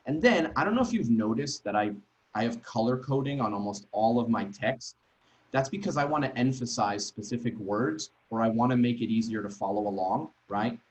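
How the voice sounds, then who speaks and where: A man's voice: medium pitch, animated, brisk, rough recording. Man leading a teacher workshop, chatty. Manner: conversational and emphatic, constant tag questions. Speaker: teacher trainer. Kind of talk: online teacher workshop presentation. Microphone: video call.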